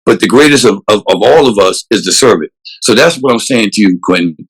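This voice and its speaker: A man's voice: on the low side, expressive, brisk, breathy edge, low-quality recording. A man, a police chief answering interview questions earnestly and emphatically, often restarting his sentences. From South Carolina, USA.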